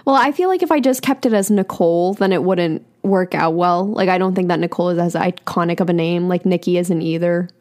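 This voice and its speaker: A woman's voice: on the low side, a little fast, hardly any pauses, darkish tone. A young woman co-hosting a podcast, chatting casually and filling her sentences with "like". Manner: chatty, many "like" fillers. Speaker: podcast co-host. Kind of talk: casual chat.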